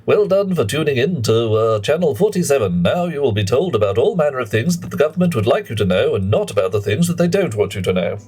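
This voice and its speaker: A man's voice: medium pitch, big pitch swings, fast, hardly any pauses, a little mellow, a little hiss or hum, lightly acted. Posh, pompous male broadcast announcer, formal and plummy, as a man puts it on. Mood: mock-official.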